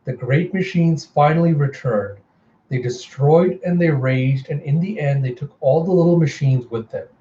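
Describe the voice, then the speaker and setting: A man voicing a scheming, cruel young woman, a villain who talks with slow, drawn-out menace. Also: fairly high pitch, mellow, reverberant, muffled recording, slight background noise, natural voice. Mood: menacing.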